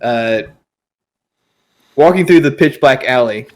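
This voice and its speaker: A man's voice: medium pitch, expressive, slow, a little mellow. Laid-back man with a hesitant manner. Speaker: podcast co-host. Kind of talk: casual chat, storytelling.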